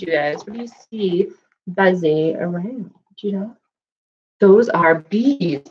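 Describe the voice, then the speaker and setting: A woman with a lowish voice reads picture books aloud to young children at the library, speaking unhurriedly and quizzing them as she goes. She's animated and coughs now and then, and the audio sounds dull.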